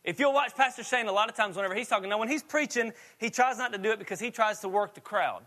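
A man's voice: high voice, quick pace, pushed and bright. A man preaching a sermon in a chatty storytelling way, laughing often as he tells stories. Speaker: pastor.

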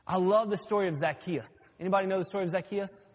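A pastor delivering a sermon, a man who slips easily into folksy stories. His voice sits high and carries a husky edge. Each phrase trails off into the long reverb of a church hall. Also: steady tone, fast. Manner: folksy storytelling.

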